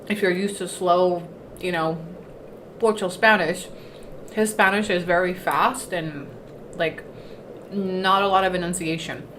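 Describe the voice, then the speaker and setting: This livestream host speaks at a measured pace with frequent pauses, her voice on the low side, steady in tone and a bit bright. She chats casually while eating, mixing Spanish into her English, in an echoey room with faint noise.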